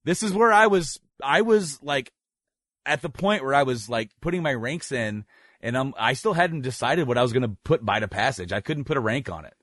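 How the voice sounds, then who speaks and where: A man's voice: medium pitch, moderate pace, dry recording. A man in the middle of his vocal range hosts a casual music podcast, talking in long rambling runs that double back and correct themselves. The sound is dry and close, with no room around it. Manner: rambling, self-correcting, with bursts of excited laughter. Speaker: podcast host.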